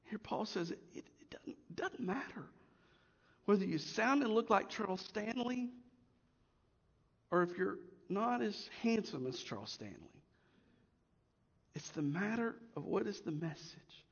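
Man, pastor, sermon, high voice, loud emphasis and hushed asides, muffled sound. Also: measured pace, gravelly, long pauses, big-room sound. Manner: expressive preaching, swinging between loud emphasis and hushed asides.

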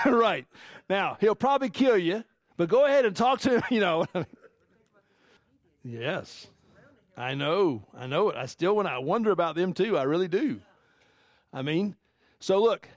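A male pastor preaching a sermon, animated and chuckling often, putting questions to his congregation. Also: sits high, no room sound, clean studio sound.

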